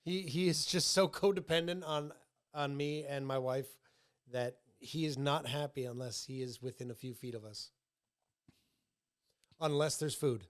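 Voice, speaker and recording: A man co-hosting a podcast, chatting casually with a playful, deadpan manner. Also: medium pitch, measured pace. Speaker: podcast co-host. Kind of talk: casual chat.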